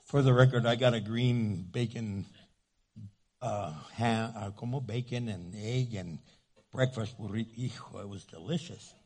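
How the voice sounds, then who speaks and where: A man preaching a sermon as a pastor, from New Mexico, joking with the congregation and doing quick funny voices. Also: on the low side, darkish tone.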